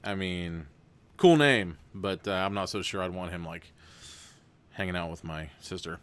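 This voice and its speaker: A man's voice: deep voice, moderate pace, smooth. A man hosting a live stream, narrating a gamebook and breaking off into rambling, chatty asides with frequent restarts.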